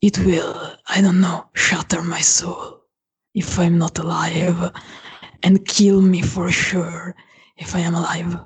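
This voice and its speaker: A woman in whispered role-play as a fiercely protective female vampire, making halting, earnest vows in a husky whisper. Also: lowish voice, level tone, full character voice. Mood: tender, resolute. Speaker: player.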